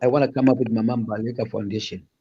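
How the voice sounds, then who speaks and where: A man calling in with a raspy voice, ranting in a boisterous way and repeating boastful slogans. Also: mid-range voice, steady tone, fast talker, warm tone, slight background noise. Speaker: caller. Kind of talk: impassioned call-in rant. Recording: dull lo-fi call audio.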